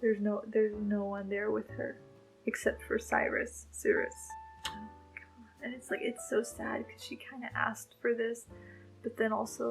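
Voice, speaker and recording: A woman talks through her reactions to a novel in a casual readalong vlog. Her voice sits a touch high with a gravelly fry. She is gushing and emotional as she thinks aloud, with faint music underneath. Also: level tone, moderate pace, poor audio. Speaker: book vlogger.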